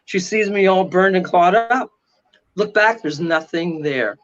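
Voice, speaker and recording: Excitable high-voiced man, dramatic storyteller, muffled lo-fi audio. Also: a little slow. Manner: excitable, dramatic retelling with frequent "right?". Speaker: paranormal investigator guest. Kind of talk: animated storytelling in casual interview.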